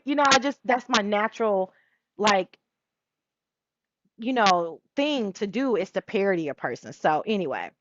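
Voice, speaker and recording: A woman hosting her own talk show, chatting casually and breaking into quick impressions of people. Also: medium pitch, animated, muffled recording, background noise. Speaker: show host. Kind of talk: casual solo chat.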